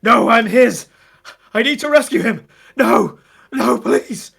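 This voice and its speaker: A man's voice: very high voice, animated, takes it slowly, vocal fry, fairly bright tone, slightly rough, voice pushed up, full character voice. A man voicing a proud cat-folk general, screaming frantically. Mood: desperate.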